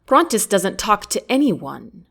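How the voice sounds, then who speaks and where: A woman's voice: medium pitch, big pitch swings, a little slow, gravelly, a bit bright, heavily acted. A woman doing a stern suspicious ship captain.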